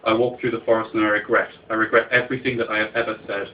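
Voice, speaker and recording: A poet with a low voice and little pitch movement performs his own poetry live at a racing pace. His delivery is dramatic and incantatory with repeated refrains, on a muffled recording with slight background noise.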